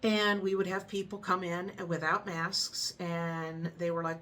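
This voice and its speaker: Middle-aged woman, casual storytelling, chatty, laughing often, bright tone, slightly low voice. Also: steady tone, measured pace. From United States. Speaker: vlogger.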